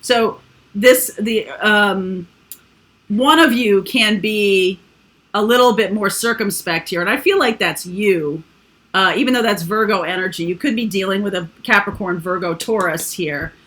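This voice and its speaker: Bright-voiced woman giving a tarot reading. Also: mid-range voice, a little slow. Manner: chatty, rambling, with frequent fillers. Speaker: tarot reader.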